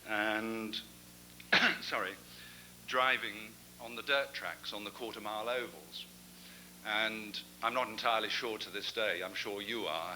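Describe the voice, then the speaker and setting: A man's voice: fairly low pitch, bright, forceful tone, a little hiss or hum, poor audio. A man giving an after-dinner talk as guest speaker, a chatty storyteller with self-deprecating asides. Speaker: guest speaker at a club gathering.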